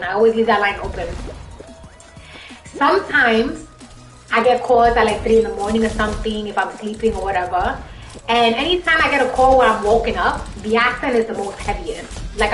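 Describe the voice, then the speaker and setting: Chatty Bronx Puerto Rican woman streamer. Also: a little high. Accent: Bronx Puerto Rican New York. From Bronx, New York. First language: Spanish. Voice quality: heavy accent. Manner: chatty, rambling, talks straight to viewers. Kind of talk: casual live-stream chat. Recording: echoey room with music behind.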